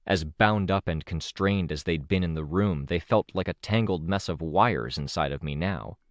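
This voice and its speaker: Deep-voiced man narrating an audiobook. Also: moderate pace, no echo. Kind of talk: scripted narration.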